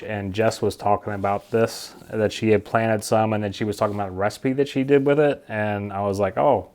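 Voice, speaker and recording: With a slightly mellow voice pitched on the low side, this man chats to camera in his home basement about his seed collection. He's a gardening vlogger, and he wanders off topic and stumbles over plant names he can't say.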